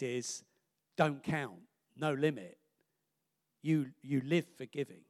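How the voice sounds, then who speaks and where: A man preaching a sermon and reading scripture aloud, emphatic and animated, with chatty asides. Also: a little high, in a large hall.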